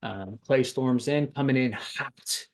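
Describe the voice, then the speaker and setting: A man's voice: mid-range voice, slow pace, vocal fry. A man hosts a podcast and recaps a reality show in a loose, chatty way. His voice sits in a middle register. He rambles, repeats himself, fills gaps with ums and curses now and then. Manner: rambling, repeats words, frequent ums and cursing. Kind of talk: casual spoken recap.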